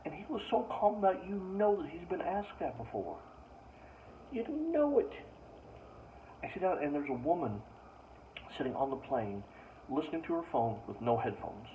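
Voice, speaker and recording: A man's voice: fairly high pitch, very animated, moderate pace, pauses often. A man telling comic stories as a stand-up comedian, ranting with exasperation in a casual way. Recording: distant mic, dull lo-fi sound, faint ambient noise.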